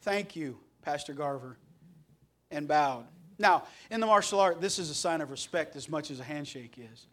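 A middle-aged male pastor, preaching a Sunday sermon that swings between loud passion and soft earnestness. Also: a little high, lively intonation, a little fast, few pauses.

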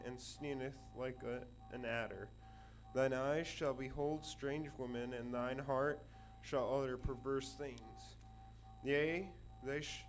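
Man reading scripture slowly. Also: mid-range voice, low-quality recording. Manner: slow, measured reading. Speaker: scripture reader.

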